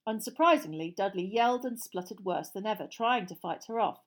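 A woman narrating a storybook audiobook in a steady, clear reading voice. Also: mid-range voice, a little fast.

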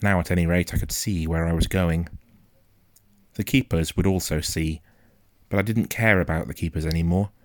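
Deep-voiced male audiobook narrator. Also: steady tone, no echo, studio quality. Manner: quiet, measured, suspenseful. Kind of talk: first-person storybook reading.

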